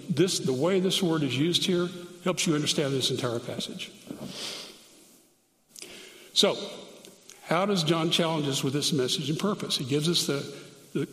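A man teaching through Bible verses, reading scripture slowly and adding grammar notes aloud as he goes. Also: fairly high pitch, fairly bright tone. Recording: echoey hall, long reverb.

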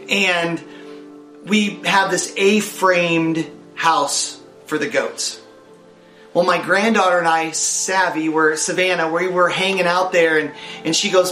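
Earnest older male pastor, high voice. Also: pushed and bright, echoey room. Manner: earnest, repeats words as he speaks. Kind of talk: sermon.

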